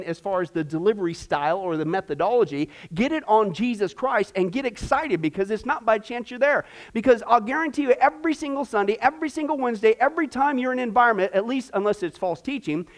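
A middle-aged man, a pastor teaching a discipleship class, talking informally and throwing questions out to the room. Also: very high-pitched. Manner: animated, asks the class many questions.

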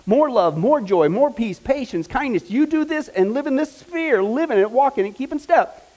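A man with a high-pitched voice teaches a Bible class, talking in a lively, conversational way and often stopping to check in with the class. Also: normal speed, poor audio. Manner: energetic, conversational, with frequent check-ins to the class.

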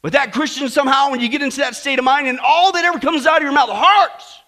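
A man preaching an exhorting sermon to a congregation, swinging from loud appeals to low asides. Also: fast talker. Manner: animated, exhorting.

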